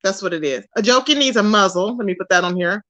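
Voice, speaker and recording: A woman's voice: mid-range voice, lively intonation, fast talker, pushed and bright. A woman hosting a casual livestream, reading chat aloud and roasting a rival in a sassy way, calling viewers baby and boo. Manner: drawls endearments like baby and boo. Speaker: livestream host.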